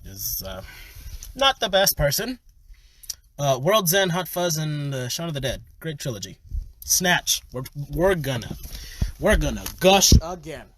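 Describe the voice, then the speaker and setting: A tired man rambling excitedly about his movie collection on a casual livestream, gushing and swearing, sometimes dropping to a whisper. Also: normal speed. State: tired from little sleep. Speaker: vlogger. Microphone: phone camera. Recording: faint background noise, low-quality phone livestream.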